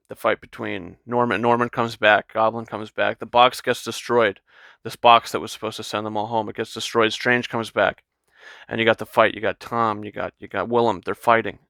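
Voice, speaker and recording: A man giving a casual, excited film review, rambling and repeating words as he retells scenes. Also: mid-range voice, no echo.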